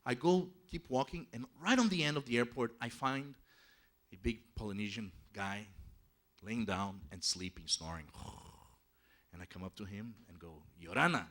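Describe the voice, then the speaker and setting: A man telling a travel story to an audience in a lively, conversational way, dropping in frequent "you know" asides. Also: fairly low pitch, normal speed.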